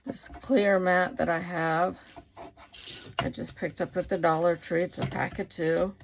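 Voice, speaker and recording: Unhurried woman with a gravelly, fading voice. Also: fairly low pitch, fairly even intonation, a little hiss or hum. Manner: unhurried, thinking aloud while working. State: losing her voice. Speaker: crafting channel host. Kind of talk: casual craft tutorial.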